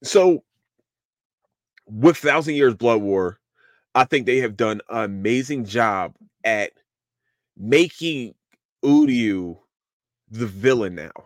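A man hosting a podcast, casually recapping an anime in a rambling, animated way and swearing freely. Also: medium pitch, takes it slowly, pauses often, no echo, clean studio sound. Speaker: podcast host.

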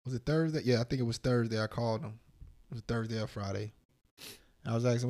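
A man co-hosts a casual podcast and tells a long, profane story about a night out, jumping into the other people's lines as he goes. His pitch sits in the middle for a man. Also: fast talker. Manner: animated, profane, voices other people in quotes. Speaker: podcast co-host.

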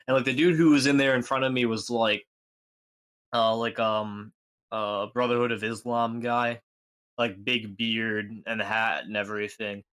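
A man's voice: on the low side, little pitch movement, a little slow, fairly bright tone. Rambling man telling a comic anecdote. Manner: rambling, filler-heavy, puts on voices in anecdotes. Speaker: podcast co-host. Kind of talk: casual comedic storytelling.

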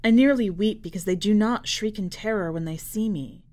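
A woman narrating a dark short story for a fiction podcast in a measured, dramatic reading style. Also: mid-range voice. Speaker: podcast editor and reader.

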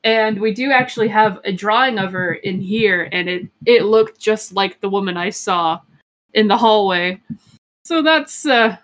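A woman's voice: medium pitch, a bit bright. Young woman just chatting, rambly, lots of likes and ums, laughs a bit here and there. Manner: rambling, frequent "like" and "um", quick laughs. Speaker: podcast co-host. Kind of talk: casual storytelling chat.

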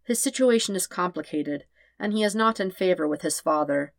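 A soft-spoken old man, formal and sorrowful, speaking low and hushed in a storybook reading, as a woman puts him on. The voice sits low and dry, close and plain. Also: lively intonation, normal speed, no room sound. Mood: grave. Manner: formal, grave, quiet.

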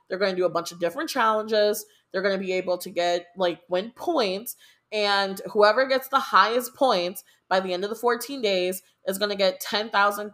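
Rambling, excitable young American woman. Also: mid-range voice. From United States. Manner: rambling, excitable, heavy swearing and fillers. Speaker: podcast host. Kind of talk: casual chat.

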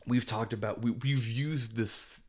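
A man's voice: medium pitch, steady tone, measured pace, a little mellow. A man co-hosting a podcast, chatting casually and enthusiastically, rambling with many restarts. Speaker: podcast co-host. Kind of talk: casual chat.

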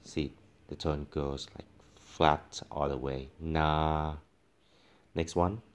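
A man with an extremely low voice leads a pronunciation lesson at an unhurried, drawn-out pace. He demonstrates each sound patiently, repeating syllables for students to copy. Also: level tone, clear, resonant tone. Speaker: language teacher.

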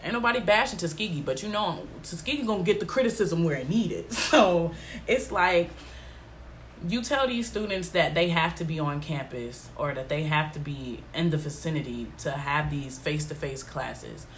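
A young woman with a low-pitched voice chats on her own podcast, stuffy and congested from allergies. She talks in an emphatic, exasperated way, leaning on slangy fillers as she goes. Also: normal speed, a little hiss or hum. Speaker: podcast host. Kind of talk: casual solo podcast chat.

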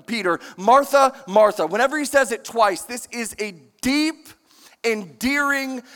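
A man preaching a sermon in a large church, emphatic and animated, questioning the congregation. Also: high voice. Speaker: pastor. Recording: long church-hall reverb.

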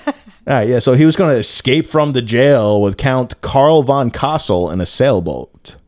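A young man co-hosting a podcast, telling a story casually with lots of swearing and filler words and bursts of loud disbelief. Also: mid-range voice, expressive, moderate pace, no room sound, studio quality. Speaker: podcast co-host.

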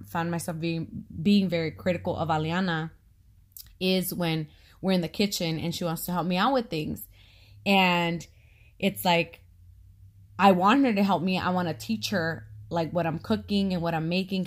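A talkative woman in her thirties with a slightly low voice, chatting casually on a podcast. She laughs often and keeps up a steady flow of talk as co-host. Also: normal speed. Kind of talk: casual conversation.

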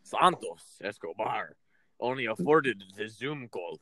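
Male co-host, halting and joking, casual chat, close dry mic. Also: lowish voice, animated, pushed and bright, no echo. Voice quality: hesitant, many fillers, laughs. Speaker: podcast co-host.

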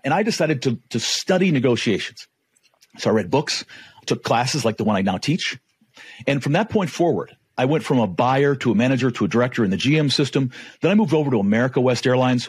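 A man's voice: medium pitch, slightly rough, no echo. A middle-aged man, a negotiation trainer, telling a career story and acting out the dialogue. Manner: animated, acts out dialogue. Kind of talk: storytelling in a talk.

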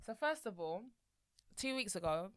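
A woman's voice: medium pitch, very animated, normal speed, a bit bright, smooth, dry recording. A woman co-hosting a podcast, chatting casually and laughing as she tells stories. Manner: laughs while telling stories. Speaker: podcast co-host. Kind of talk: casual chat.

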